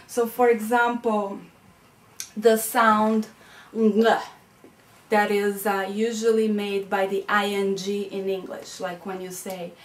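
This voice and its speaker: A woman gives a lecture at an unhurried pace, stopping often to check that the class follows her. She is recorded from a little way off, and the room gives her voice a noticeable echo. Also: medium pitch, level tone. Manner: patient, explanatory, frequent "okay?" and "right?" checks. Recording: echoey room, mic at a distance.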